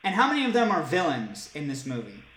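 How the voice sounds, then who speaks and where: A man co-hosting a casual comedy podcast, animated and jokey, often slipping into loud silly voices. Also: a little high, quick pace. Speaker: podcast co-host. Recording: echoey room with background noise.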